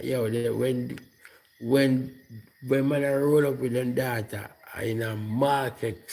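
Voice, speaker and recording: A man's voice: fairly low pitch, gravelly, slight background noise. A Jamaican man talking to camera in a loose, rambling monologue full of patois fillers, outdoors at night. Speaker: vlogger.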